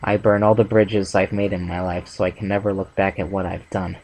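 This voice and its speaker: A man's voice: sits low, little pitch movement, fairly quick, a little mellow, low-quality recording. A man voicing a blunt, remorseful tomboy female pony in an amateur fanfic reading, in a plain, subdued voice. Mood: regretful.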